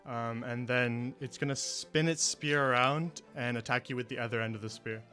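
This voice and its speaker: Male GM, mid pitch, halting delivery, soft music bed. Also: fairly even intonation. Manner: hesitant, many fillers and restarts. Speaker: game master. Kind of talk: running a tabletop game online.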